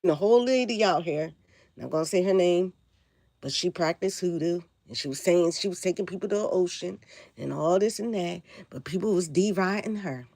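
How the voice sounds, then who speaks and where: A woman with a flu-raspy voice hosting a casual spiritual livestream, preaching and checking in with her viewers. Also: on the low side, fairly quick, mellow, no room sound. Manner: preachy, asks viewers if they follow.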